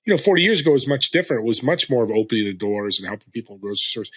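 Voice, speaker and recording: A man's voice: medium pitch, animated, rapid-fire, a bit bright, husky. A man in his sixties, a guest on a podcast, speaking in an earnest, motivational way and urging listeners to act. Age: 60s. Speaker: guest, fellow show host. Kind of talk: casual interview chat.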